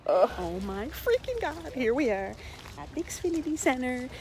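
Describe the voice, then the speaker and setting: A woman vlogging on a handheld camera, gushing, swearing and exclaiming with excitement. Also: high-pitched, moderate pace, slight background noise. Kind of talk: excited travel vlog. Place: hotel room, restaurant, outdoors.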